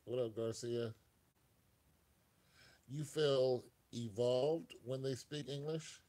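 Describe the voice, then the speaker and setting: Male live-stream host, casual and rambling, laughs a lot, voice of middling pitch. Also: slow pace, mellow.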